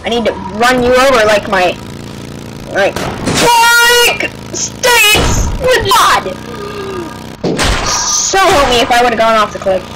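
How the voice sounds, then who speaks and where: A woman commentating her own gameplay, excitable and yelling at the game. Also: fairly high pitch, normal speed, low-quality recording. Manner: excitable, shrieks and yells at the game. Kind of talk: let's play commentary. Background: game music.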